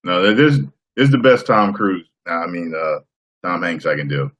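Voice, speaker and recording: A man with a very low voice talks loosely to his live-stream chat. He answers viewers by name and breaks into laughter now and then, recorded on a simple webcam mic. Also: animated, normal speed, fairly bright tone.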